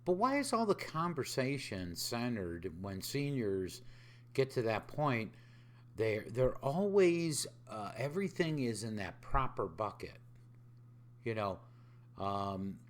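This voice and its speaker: A man's voice: mid-range voice, very animated, slow pace. A man hosting a podcast, talking in a casual reflective way, often asking rhetorical questions and voicing other people's lines in dialogue. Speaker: podcast host.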